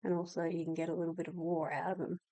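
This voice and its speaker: A woman hosts a relaxed video about game lore in a mellow, warm voice. She talks in an easy, explanatory way, with small asides and fillers. The sound is dry and close. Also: on the low side, very fast, dry recording, low-quality recording. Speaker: host. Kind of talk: casual game lore talk, reading in-game texts aloud.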